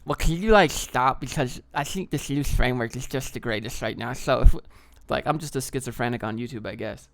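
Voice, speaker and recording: A man's voice: medium pitch, brisk, gravelly, few pauses. A man hosting a casual livestream, reading chat questions aloud and answering in a rambling, joking way.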